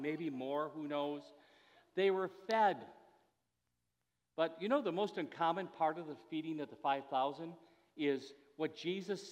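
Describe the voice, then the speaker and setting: A man giving a conversational sermon as a pastor, his delivery rising to emphatic moments. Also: on the high side. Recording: long hall reverb.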